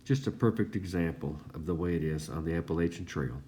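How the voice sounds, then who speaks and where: A man's voice: low-pitched, brisk, dark tone, slight background noise. A man, easygoing and full of fillers, telling trail stories as a casual voice-over recap. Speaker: thru-hiker vlogger.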